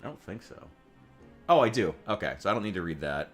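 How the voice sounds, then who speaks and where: Low-voiced rambling American man streaming. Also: very animated, a little fast, fairly bright tone, faint music behind. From United States. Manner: rambling, profane, wry. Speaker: game streamer. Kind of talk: casual gaming stream chat.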